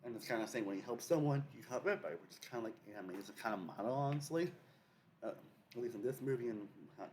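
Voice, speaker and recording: A man's voice: medium pitch, lively intonation, very fast, a little mellow, slight background noise. A young man hosting a casual video essay, rambling with many fillers and restarts.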